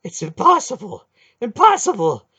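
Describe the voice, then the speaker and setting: A man voicing a frightened old male sorcerer-priest, shrill and wailing. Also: huge pitch swings, normal speed, bright, forceful tone, slightly rough, heavily acted. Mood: stunned.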